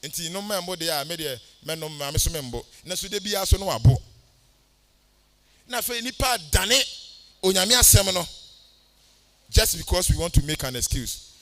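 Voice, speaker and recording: A man's voice: sits high, lively intonation, normal speed, pauses often, a bit bright. A male pastor with a Ghanaian accent, preaching a sermon in a sing-song cadence and mixing English with Twi.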